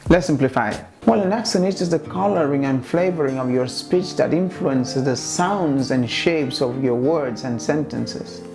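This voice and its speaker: A man's voice: fairly high pitch, darkish tone. A man hosting an educational video, narrating a scripted explanation and asking rhetorical questions. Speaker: host.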